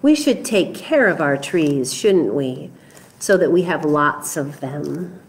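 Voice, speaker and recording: A middle-aged librarian reads a picture book and leads a little planting song for children. She speaks slowly, in an unhurried sing-song, coaxing the young listeners along. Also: deep voice, lively intonation. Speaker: librarian leading story time. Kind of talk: children's story time reading and singing.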